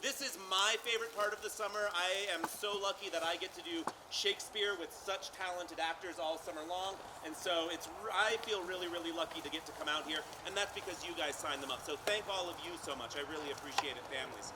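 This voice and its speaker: A man's voice: high voice, fast talker, hardly any pauses. A man, a youth theatre director, gives a post-show curtain speech on an outdoor stage, upbeat and grateful, with frequent "uh" fillers. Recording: loud crowd and background noise.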